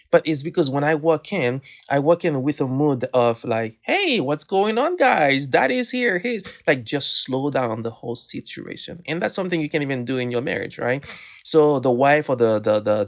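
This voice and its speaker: A man, co-hosting a faith podcast and telling stories animatedly with many restarts. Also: mid-range voice. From Haiti. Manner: animated storytelling, frequent restarts. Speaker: podcast co-host. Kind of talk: casual faith podcast chat.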